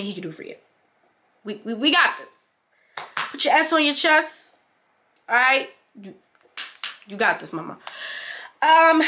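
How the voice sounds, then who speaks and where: Young woman, casual sit-down vlog, bright tone, heartfelt, encouraging, chatty. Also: on the high side. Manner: chatty, heartfelt, many "like" fillers; encouraging, speaks to other mothers as "mama". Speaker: vlogger.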